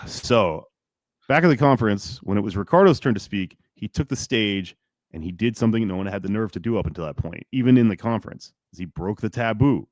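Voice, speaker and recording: A lower-voiced man tells a history story on a podcast, animated and loose, with casual swearing. He bursts into shouted lines when he acts out the story. His voice sits close and dry on a studio mic. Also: no room sound.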